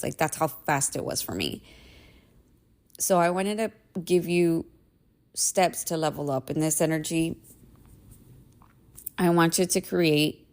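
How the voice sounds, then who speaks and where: A woman's voice: low voice, gravelly, a little mellow. A woman in her thirties hosting a podcast, telling a personal story in a candid, emphatic way, swearing freely and often asking "right?". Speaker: podcast host. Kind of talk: casual storytelling monologue.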